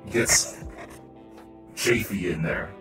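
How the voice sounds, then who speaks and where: A man roleplaying in a game voice chat, jumpy and prone to startled shouts. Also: low voice, slow, reverberant, recorded from a distance, soft background music.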